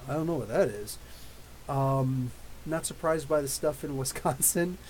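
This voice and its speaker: A man in his thirties hosting a live podcast, reading viewer questions and telling rambling, animated stories. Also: medium pitch, measured pace, rough recording. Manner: rambling, animated storytelling with laughs. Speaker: podcast host. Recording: faint hiss.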